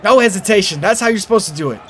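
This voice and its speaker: A young man reacting to a basketball game in casual slang, talking over the highlights as host of his channel. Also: expressive, very fast, a bit bright. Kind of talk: excited reaction commentary.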